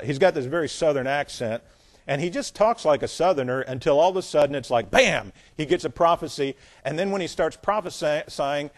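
A man preaching a sermon. He reads scripture aloud with emphasis and drops into blunt, scornful, plain-spoken asides. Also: a little high. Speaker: pastor.

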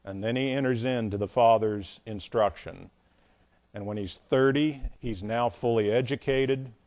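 A man teaching a Bible lesson at a board, relaxed and conversational, with joking asides. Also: medium pitch, a little slow. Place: room with a board.

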